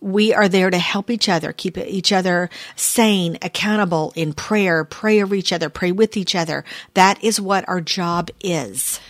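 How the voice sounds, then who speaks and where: A woman's voice: lowish voice, moderate pace, few pauses, dry recording, clean studio sound. A woman co-hosting a casual faith chat, emphatic and plain-spoken. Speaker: co-host of a women's faith talk.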